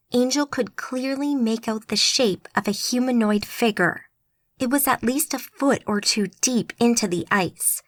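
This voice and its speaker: A woman giving steady, scripted audiobook narration. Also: a little high, dry recording.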